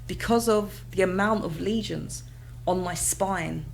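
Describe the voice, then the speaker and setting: A British woman, a mother, telling her own story in a casual interview, lively and expressive, often acting out her past reactions. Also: medium pitch, measured pace, gravelly, a little hiss or hum. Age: adult with children. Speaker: guest.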